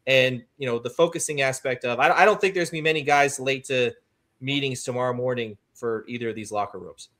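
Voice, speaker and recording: Bright-voiced man on sports radio. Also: mid-range voice, brisk. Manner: conversational, with many fillers. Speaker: sports talk radio host. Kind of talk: casual sports talk.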